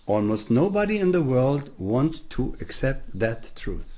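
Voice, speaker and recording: A man with a German accent giving a rambling spiritual talk as a teacher, laughing often and swinging from soft asides to loud declarations. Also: mid-range voice, big pitch swings, unhurried.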